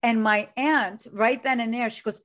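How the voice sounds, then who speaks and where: Middle-aged woman, coach, higher voice, heartfelt interview talk. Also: steady tone, moderate pace, fairly bright tone. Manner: earnest, heartfelt, speaks with conviction. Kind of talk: emotional interview conversation.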